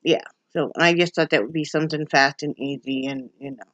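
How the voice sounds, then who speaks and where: A woman's voice: deep voice, a little fast, fairly bright tone, dry recording. A woman from Wyoming chatting at home for her vlog, rambling and restarting her sentences. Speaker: vlogger. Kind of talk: casual home chat. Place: at home, indoors.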